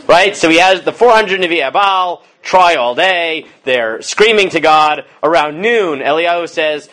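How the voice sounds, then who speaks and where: A man's voice: a little high, expressive, a little slow, few pauses, bright, forceful tone. A male rabbi teaching an informal Torah class. He chants Hebrew verses, then paraphrases them and acts out the quotes casually, often asking the students "right?".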